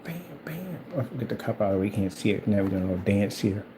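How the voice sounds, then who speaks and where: A man's voice: lowish voice, level tone, racing, heavy background noise. A man hosting his own channel, talking casually and teasingly in a rambling, repetitive way while he paints at home. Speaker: channel host. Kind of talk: casual trash-talking monologue.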